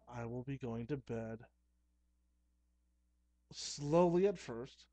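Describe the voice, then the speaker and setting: A young man talking casually to camera at home, chatty and excitable, with playful asides. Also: mid-range voice, dry recording. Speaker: horror movie vlogger. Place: dim room at home.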